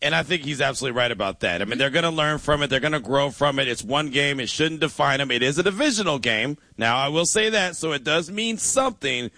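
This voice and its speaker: A man hosting sports radio, pitched a bit high for a man. His voice is bright and forward, and he talks in an emphatic, teasing way. The studio mic is close and dry. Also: expressive, fast, hardly any pauses, no room sound. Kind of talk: casual sports talk.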